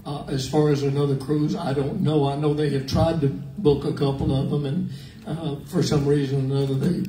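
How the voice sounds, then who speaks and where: A man's voice: fairly high pitch, brisk, a little hiss or hum. An older man, telling folksy country-music stories to a fan audience. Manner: folksy, relaxed, drawling anecdotes. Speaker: country singer on an artist panel. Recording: echoey room, mic at a distance.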